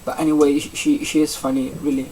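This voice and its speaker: A young adult vlogger from Italy with an Italian accent, a native Italian speaker chatting casually in English, rambling and halting with many restarts and fillers. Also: mid-range voice, level tone, warm tone. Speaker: vlogger, seasonal campsite entertainment worker. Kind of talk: casual vlog chat. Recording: distant mic with faint background noise.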